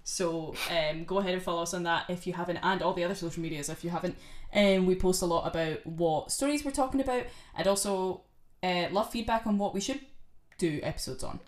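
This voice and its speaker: A young woman with a lowish voice co-hosts a casual podcast, speaking fairly quickly. She chats and swears as she retells a film, putting on mocking voices.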